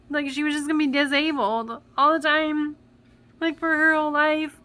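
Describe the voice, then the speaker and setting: Young mom vlogger, high and bright, talks in emotional, rambling bursts on the verge of tears. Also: female voice, little pitch movement, normal speed. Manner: emotional, rambling with many fillers and restarts. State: close to tears. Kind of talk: casual vlog talk.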